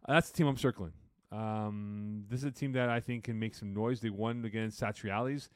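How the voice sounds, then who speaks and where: A man co-hosting a casual sports podcast, relaxed and rambling, laughing now and then. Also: lowish voice, moderate pace, clean tone, dry recording. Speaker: co-host.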